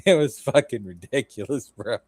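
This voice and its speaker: A man's voice: mid-range voice, expressive, moderate pace, a little mellow, no echo. A man hosting a casual reaction stream, profane and joking, laughing often. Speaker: host.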